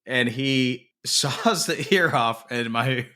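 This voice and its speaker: A man co-hosting a casual film podcast, retelling a movie scene in animated detail with plenty of swearing. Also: mid-range voice, takes it slowly. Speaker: podcast co-host.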